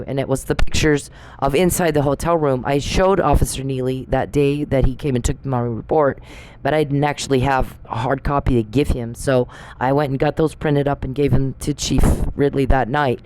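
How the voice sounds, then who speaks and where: A woman's voice: a bass voice, steady tone, moderate pace, darkish tone, a little hiss or hum, rough recording. A woman hosting her own podcast, telling a story bluntly and with swearing, accusing someone she addresses directly. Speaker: podcast host. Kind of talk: angry personal podcast monologue.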